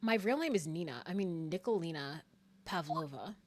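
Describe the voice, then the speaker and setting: A woman reading a timid young woman's lines from a story game, pleading softly. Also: fairly low pitch, expressive, normal speed, noisy background, pitched below the performer's own voice, lightly acted. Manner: pleading, soft. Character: timid young woman hiding her identity.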